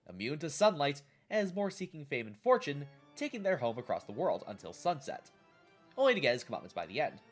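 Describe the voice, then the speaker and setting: A man hosting a scripted retrospective on old children's TV. His narration is wry and playful, with a lively, varied pitch. Faint music runs underneath. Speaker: host of a retrospective show.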